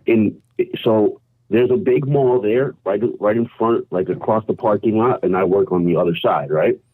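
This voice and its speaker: Phone-in caller, man from New York, low husky voice, slangy and animated, tinny phone line. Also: moderate pace, no room sound. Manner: animated street slang, says "bro" and "yo" often. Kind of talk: phone-in storytelling. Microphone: phone call.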